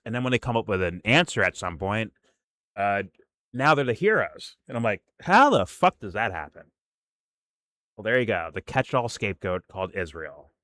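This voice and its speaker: Brief: male reaction host, low-ish voice, dry close sound, heated and sarcastic. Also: a bit bright, dry recording. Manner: heated, sarcastic, mocks others in put-on voices. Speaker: commentary show host. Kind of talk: profane political reaction commentary.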